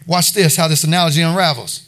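High, bright-voiced folksy preacher man. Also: steady tone, quick pace. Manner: conversational, folksy, repeats himself. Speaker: preacher at a recovery ministry. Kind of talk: informal sermon.

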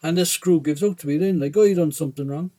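A man with an Irish accent narrating a first-person story in a rough, slangy teenage voice. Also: on the high side, fast talker, warm tone.

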